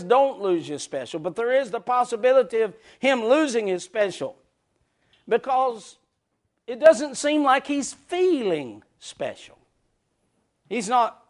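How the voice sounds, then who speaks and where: High-voiced, fiery male preacher. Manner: impassioned, builds to shouting, repeats phrases for emphasis. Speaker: pastor. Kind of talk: sermon.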